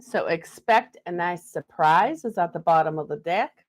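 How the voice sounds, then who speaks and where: A woman's voice: lowish voice, expressive, moderate pace. Woman, live card reader, chatty, laughs between readings, reads messages aloud.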